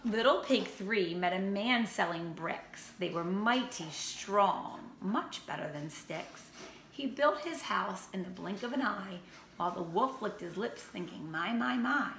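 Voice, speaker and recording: A woman who teaches first grade, reading a picture book aloud to her class in a slow, expressive storybook manner. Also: mid-range voice. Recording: roomy echo, faint ambient noise.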